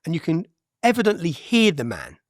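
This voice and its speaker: A man's voice: a little high, huge pitch swings, fairly quick, no echo, studio quality. A man, a guest on an interview podcast, telling his story bluntly and with energy, with frequent "yeah?" tags and some swearing.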